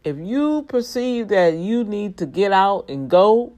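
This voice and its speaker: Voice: medium pitch, lively intonation, slow pace, darkish tone. A vlogger talking casually to regular viewers, emphatic and preachy, with prayerful asides. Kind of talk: casual monologue with urgent warnings.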